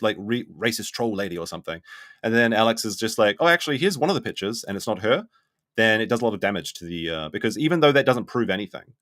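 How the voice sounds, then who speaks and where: Male streamer, low voice, blunt skeptical commentary, dry close mic. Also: fairly bright tone, no room sound. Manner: skeptical, blunt, thinks aloud. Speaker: streamer reacting to a documentary. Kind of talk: live stream commentary, reading chat.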